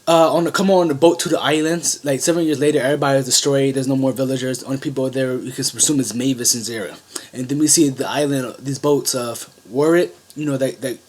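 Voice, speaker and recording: A man in the middle range of pitch talks through an anime episode as an online reviewer. His recap is casual and loosely organized, full of restarts and side comments as he chats to his viewers. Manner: rambling, with frequent restarts and asides.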